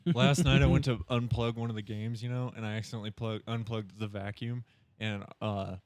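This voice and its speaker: A man's voice: on the low side, flat delivery, brisk, a little mellow, no room sound. Man with a dry voice, swearing casually. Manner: laughing, profane anecdotes. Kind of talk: casual podcast chat.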